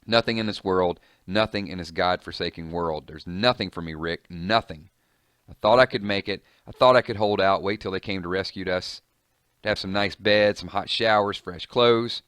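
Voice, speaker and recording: A man's voice: low-pitched, normal speed, a bit bright, clean tone, dry recording. A man voicing a desperate, unraveling male cop in a comic reading, bitter and pleading, in a dry close recording. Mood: anguished. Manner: bitter, pleading, voice rising in anguish.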